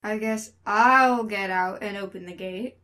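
A teenage girl voicing a bored, irritated goth teenager who grumbles in a flat, sarcastic way. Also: fairly high pitch, moderate pace, lightly acted. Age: teens. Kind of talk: audio drama dialogue.

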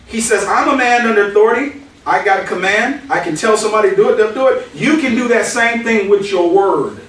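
High-voiced pastor in an echoey hall. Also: male voice, a little fast, fairly bright tone. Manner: conversational, tells anecdotes, quotes scripture. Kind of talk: verse-by-verse Bible teaching. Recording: echoey hall, mic at a distance.

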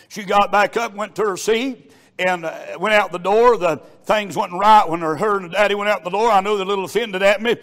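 A man preaching a revival sermon, fervent and building to shouts. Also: sits high, fairly even intonation, fairly quick.

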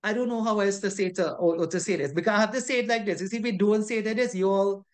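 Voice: mid-range voice, fast talker. A course instructor from Trinidad with a Trinidadian accent, lecturing an online class in an emphatic, scolding way, repeating points and ending lines with a questioning tag.

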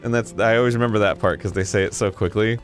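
A man in his thirties co-hosting a let's play, bantering playfully and jumping into loud squeaky bits. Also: fairly even intonation, fast talker, soft background music. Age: 30s. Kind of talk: casual gaming banter.

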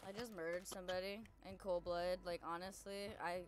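A woman's voice: lowish voice, little pitch movement, noisy background. A young adult woman hosting a live stream, chatting casually and rambling while she plays, swearing often and correcting herself mid-sentence. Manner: rambling and profane, quick self-corrections. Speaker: streamer host. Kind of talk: casual chat while gaming.

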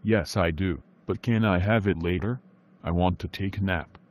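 Synthetic male voice doing a boy's fake deep sick voice. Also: moderate pace, highs cut off. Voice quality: synthetic text-to-speech voice. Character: little boy faking a deep sick voice.

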